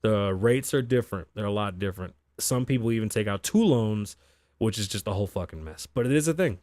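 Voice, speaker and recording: A man's voice: lowish voice, lively intonation, fairly quick, a little mellow, no room sound, studio quality. A man hosting a casual talk show, reading news aloud and riffing on it bluntly with heavy swearing. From Las Vegas, Nevada (lives there). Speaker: podcast host.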